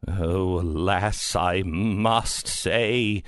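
A man's voice: low voice, very slow, smooth, pitched below the performer's own voice. A man doing a comedic impression of an older woman politician who wails in melodramatic, archaic anguish. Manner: melodramatic wailing, archaic phrasing. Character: weeping older woman politician, theatrically pious.

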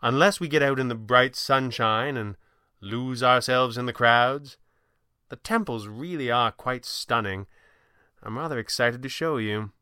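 A man's voice: mid-range voice, a little slow, sharp tone, smooth, dry recording, studio quality. A man voicing a formal, good-humored man with old-fashioned phrasing, in a storytelling reading. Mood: calm.

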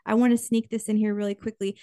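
A woman co-hosting a podcast in a relaxed, chatty way, often circling back and restarting her sentences. Her pitch sits in a middle range. The recording is dry and close, with no room echo. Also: quick pace. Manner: chatty, with many restarts and asides. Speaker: podcast co-host. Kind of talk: casual chat about royal news.

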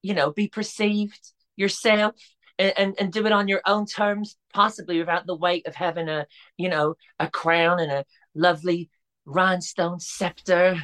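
A woman's voice: fairly low pitch, fairly even intonation, normal speed, fairly bright tone. A woman chatting on a podcast as a guest, talking casually with lots of fillers, restarts and stumbles. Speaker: podcast guest, drag performer.

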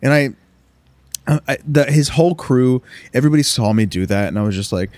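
A man's voice: mid-range voice, lively intonation, a little fast, a little mellow, no echo. Rambling young man telling a story. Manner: loose, swearing storyteller with lots of restarts. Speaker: podcast co-host. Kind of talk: casual chat.

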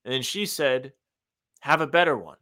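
A man's voice: mid-range voice, normal speed, sharp tone. A man co-hosting a casual sports podcast, telling rambling stories with mock indignation. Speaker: podcast co-host.

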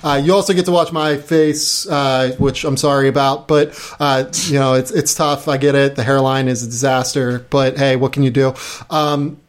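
A man's voice: medium pitch, fairly even intonation. A man hosting a casual podcast chat, talkative and self-deprecating. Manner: chatty, self-deprecating, quick asides. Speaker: podcast host.

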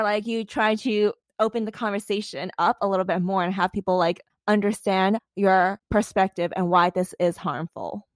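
A woman's voice: mid-range voice, normal speed, few pauses, dry recording, studio quality. A young American woman co-hosting a podcast, talking bluntly and swearing often with frequent laughs. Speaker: podcast co-host. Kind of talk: casual chat.

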